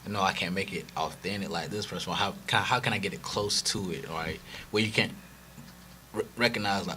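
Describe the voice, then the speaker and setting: A man from North Carolina with a Southern accent, a guest in an interview, speaking haltingly with many restarts. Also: low voice, bright, forceful tone, a little hiss or hum. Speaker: guest, caterer. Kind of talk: casual interview.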